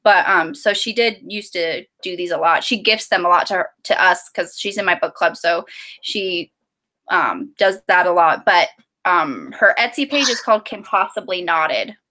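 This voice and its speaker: A woman's voice: fairly low pitch, lively intonation, moderate pace, sharp tone. A woman co-hosting a writing live stream, chatting casually and reading out viewer comments with lots of fillers.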